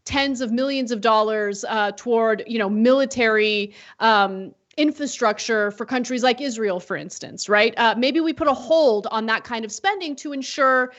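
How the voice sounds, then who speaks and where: A woman co-hosting political news commentary, measured and explanatory. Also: a little high, fairly bright tone, highs cut off. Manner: measured, explanatory, many fillers.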